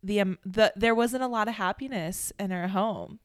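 A woman's voice: mid-range voice, moderate pace, dry recording, studio quality. A young woman from the Chicago suburbs, co-hosting a podcast and reflecting on her family in casual chat, with hesitant restarts. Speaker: podcast co-host.

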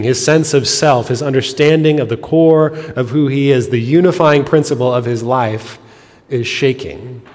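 A man preaching a sermon, explaining scripture in an earnest way, his voice dropping soft and quiet on heavy moments. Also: mid-range voice. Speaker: pastor. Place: church sanctuary. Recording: long reverb of a church hall.

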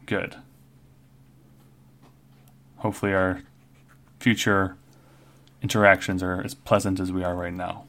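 Man voicing a prickly barmaid, low voice, scolds rude guests and demands manners. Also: little pitch movement, a little slow, pauses often, fairly bright tone. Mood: sassy. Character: sassy female barmaid, prickly and proud.

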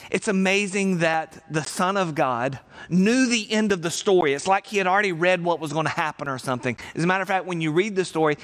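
A man preaching a sermon as pastor, earnest and emphatic, with reflective pauses. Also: a little high, a bit bright.

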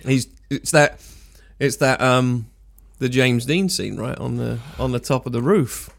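A man in a casual film chat, relaxed and agreeable, adding short comments. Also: mid-range voice, a little slow, gravelly.

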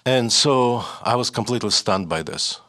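A man's voice: on the low side, lively intonation, moderate pace, a bit bright. An older man from Leningrad with a Russian accent, a writer telling his story as an interview guest, hesitant with many fillers and restarts. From Leningrad, Soviet Union.

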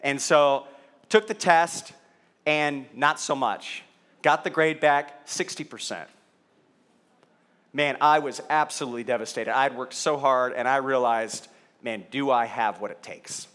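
A man's voice: medium pitch, unhurried, a bit bright. A man preaching a sermon to a live audience into a stage microphone, telling stories with self-deprecating humor and asking the audience questions. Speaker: pastor. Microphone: handheld or stage microphone.

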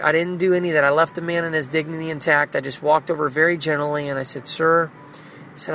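Guy with a gravelly, slightly high voice, earnest and prayerful, talking through his day with faint traffic behind. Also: little pitch movement, fast talker, pushed and bright, rough recording. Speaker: video diarist. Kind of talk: personal spiritual video diary. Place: car.

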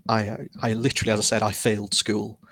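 A man talks through his story in a casual interview. His manner is candid and self-deprecating, and he gets animated as he recounts things. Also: fairly low pitch, fast, dry recording. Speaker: author guest.

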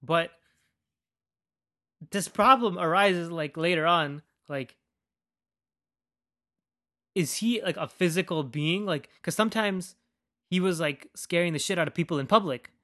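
A man's voice: high-pitched, unhurried, long pauses, bright, forceful tone, no echo, studio quality. A man hosting a podcast in a casual, rambling rant, swearing freely and filling his speech with "like.". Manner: rambling, profane, heavy use of "like". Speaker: podcast host.

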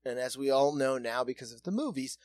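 A man's voice: medium pitch, lively intonation, fairly quick, darkish tone, no echo. A man from South Dakota co-hosting a casual chat, talking loosely with lots of swearing and laughter. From South Dakota, USA. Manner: loose, profane, laughing banter.

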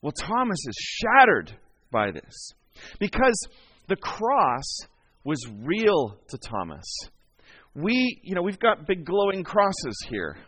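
A man's voice: high voice, slow, a little hiss or hum. A male pastor giving a conversational sermon in a church, acting out quoted voices as he goes. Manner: animated, conversational, acts out quotes.

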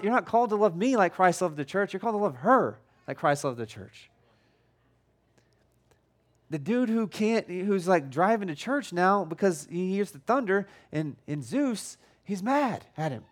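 A pastor delivers a conversational sermon in a relaxed, chatty way, stumbling over restarts and repeating words as he works through a point. His voice sits a bit higher than most men's, and his tone can come across as loud or even angry when it isn't.

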